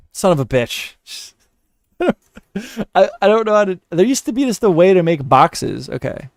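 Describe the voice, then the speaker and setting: A man's voice: fairly high pitch, sing-song, normal speed. A man talks through a live commentary stream as he edits, muttering to himself and repeating words under his breath. He swears often out of frustration. The sound is dry and close, with no room echo. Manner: frustrated muttering and cursing while editing.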